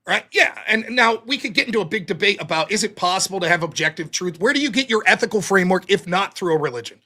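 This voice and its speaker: A man hosting a debate show, recapping a heated debate in a casual, profane, animated way and quoting his opponent. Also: high-pitched, quick pace. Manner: animated, profane, quotes opponents in mocking voices.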